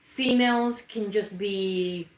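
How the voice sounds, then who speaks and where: A woman's voice: medium pitch, takes it slowly, roomy sound, low-quality recording. A woman hosting a casual livestream, chatting with viewers and talking to her pets. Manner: chatty, reads viewer comments aloud, talks to her pets. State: has the hiccups. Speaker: livestream host.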